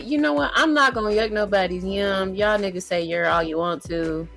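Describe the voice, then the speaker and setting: A woman with a Southern American accent co-hosting a podcast, telling stories in slangy, animated casual talk. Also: medium pitch, moderate pace, vocal fry, faint music behind. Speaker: podcast co-host. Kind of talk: casual chat.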